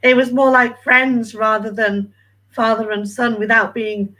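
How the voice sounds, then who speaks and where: A woman working as a medium, giving a reading, emotional and hesitant with many pauses and ums. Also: fairly high pitch, flat delivery, fairly bright tone, poor audio.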